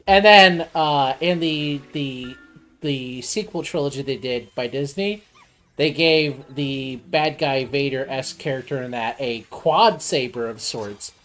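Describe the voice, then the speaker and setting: A man streaming, chatting casually in a rambling, nerdy, teasing way. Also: a little high. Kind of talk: casual chat.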